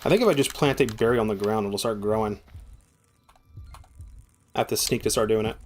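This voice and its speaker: A man's voice: lowish voice, a little fast. Cursing, exasperated man gaming live. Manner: exasperated, swears a lot, yells at game monsters; dry joking asides. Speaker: streamer playing a game. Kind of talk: live gameplay commentary.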